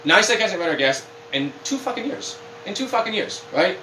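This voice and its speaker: An animated man rambles through a casual podcast rant, cursing freely. His voice is bright and lively, with lots of rise and fall. The sound is roomy, with faint ambience behind it. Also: high voice, moderate pace, recorded from a distance, a little hiss or hum. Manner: rambling, profane, animated ranting. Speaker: podcast co-host.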